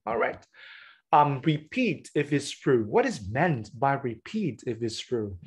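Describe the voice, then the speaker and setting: Speaking at a measured pace, the same kind of trainer, a man whose first language is Vietnamese, runs an online webcam session for teachers and breaks down classroom games step by step. His mid-range voice is very animated and slightly rough.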